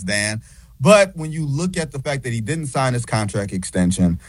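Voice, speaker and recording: A man's voice: mid-range voice, no echo. A man who writes about basketball, a guest on a radio interview, talking in a sarcastic and emphatic way. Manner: sarcastic, emphatic, talks back.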